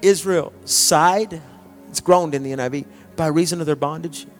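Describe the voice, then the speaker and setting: Male pastor, middle-aged, conversational sermon, jokes, whispered sighs, slightly high voice. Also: normal speed. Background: soft music.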